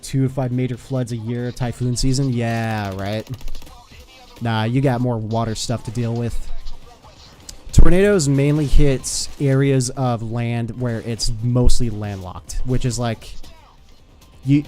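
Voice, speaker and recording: A young man from the United States talks casually while he plays a game on stream, loose and chatty, cursing when things go wrong. His voice sits mellow and warm, at an ordinary middle pitch. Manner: loose, swears, chats with teammates while playing. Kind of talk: casual gaming stream chat.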